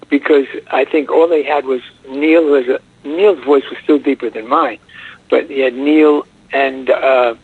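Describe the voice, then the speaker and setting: Older man's husky voice over a phone line. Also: medium pitch. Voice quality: soft, husky voice. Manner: chatty, rambling anecdotes with restarts. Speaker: voice actor guest. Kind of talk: casual interview storytelling. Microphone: telephone.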